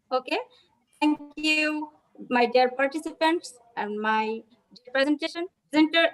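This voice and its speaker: A woman moderates a webinar over a video call. Her voice is notably high, and her manner is polite and formal. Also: poor audio. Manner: polite, formal, addresses presenter as sir.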